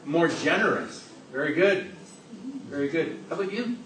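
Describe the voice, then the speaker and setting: A man's voice: fairly high pitch, expressive, normal speed. A man giving an interactive sermon to a live audience, playful and joking as he questions people in the room. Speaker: preacher. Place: large hall with a live audience. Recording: echoey hall, distant, noisy.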